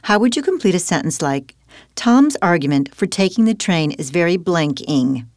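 A woman's voice: on the low side, animated, normal speed, dry recording, studio quality. A woman teaching spelling in a scripted dialogue, guiding her partner patiently with questions. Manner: patient, questioning, guides with prompts. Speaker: language teacher.

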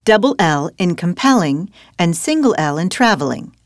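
A woman's voice: fairly low pitch, sing-song, normal speed, no echo, studio quality. A woman teaching spelling in a scripted dialogue, guiding her partner patiently with questions. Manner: patient, questioning, guides with prompts. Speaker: language teacher.

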